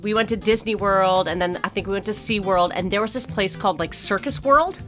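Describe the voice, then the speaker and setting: An American woman in her forties, co-hosting a podcast and telling a story in casual chat, animated and laughing often. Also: medium pitch, a little fast, faint music behind. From United States. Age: 40s. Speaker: podcast co-host.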